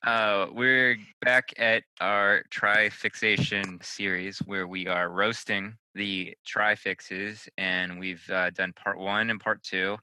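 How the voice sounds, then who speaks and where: Man with a bright, dry voice. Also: on the low side, flat delivery, slow, hardly any pauses, clean tone, dry recording, poor audio. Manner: joking, rambling with fillers. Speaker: podcast host. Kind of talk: casual joking podcast chat.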